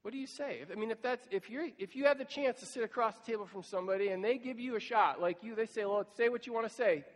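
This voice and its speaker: A man's voice: sits high, fast talker, hardly any pauses. A man preaching a sermon as pastor, talking conversationally and acting out imagined exchanges with people in hard times. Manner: conversational, acts out imagined dialogues. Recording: long church reverb.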